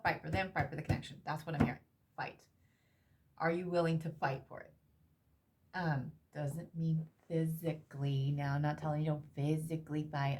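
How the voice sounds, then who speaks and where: A woman giving a tarot reading, emotional and repetitive, swearing casually as she talks. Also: deep voice. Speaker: tarot reader.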